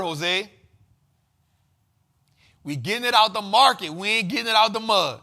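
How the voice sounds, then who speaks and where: Male finance host, high bright voice, emphatic slangy delivery with repeated punchlines. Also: animated, normal speed, vocal fry, pauses often. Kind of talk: energetic market commentary.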